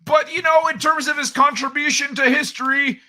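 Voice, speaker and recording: A man putting on shouty cranky old man. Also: very high voice, fairly even intonation, moderate pace, voice pushed up, full character voice. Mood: boastful. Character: cranky loud old man, grumbling, self-important. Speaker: streamer's recurring character. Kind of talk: live-stream improv character.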